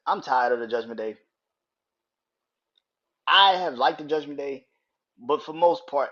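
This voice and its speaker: This man hosts a wrestling podcast alone, keeping his commentary loose and profane while laughing hard and acting out quoted lines. He has a medium-pitched, fairly bright voice, heard through dull audio.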